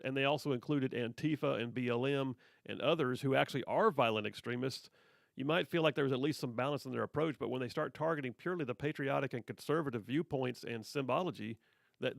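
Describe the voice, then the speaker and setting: A man's voice: medium pitch, quick pace, gravelly, no echo, clean studio sound. A man hosting a talk radio show, commenting on the news in a folksy, emphatic way and calling people brother.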